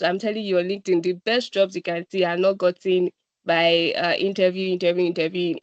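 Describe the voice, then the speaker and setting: A woman's voice: fairly low pitch, no echo, highs cut off. A woman with a Nigerian accent giving an encouraging presentation talk as a guest speaker, often checking in with "right?". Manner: encouraging, repeats "right?" and "I'm telling you". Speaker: guest speaker at a data analytics boot camp.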